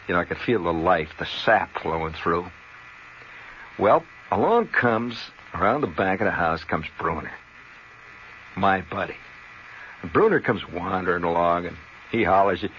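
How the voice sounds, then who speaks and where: Chatty male radio raconteur, low and lively, rambling with chuckles; old muffled broadcast audio. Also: a little hiss or hum. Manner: rambling, chuckling, tosses in "see?" and "you know". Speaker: radio host. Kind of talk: storytelling radio monologue. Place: radio studio. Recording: dull lo-fi 1970 radio broadcast.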